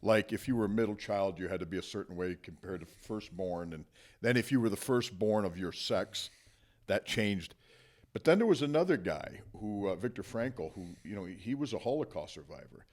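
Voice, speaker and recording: A man hosting a podcast interview, explaining ideas in a measured way. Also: lowish voice, lively intonation, a little mellow. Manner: measured, explanatory, gives short listening murmurs. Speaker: podcast host, psychologist. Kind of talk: conversational interview.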